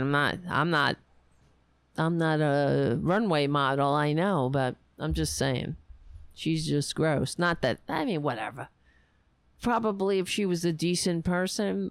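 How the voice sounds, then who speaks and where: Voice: mid-range voice, smooth, no room sound. A political commentator giving a sarcastic, scornful solo rant, stopping and restarting often.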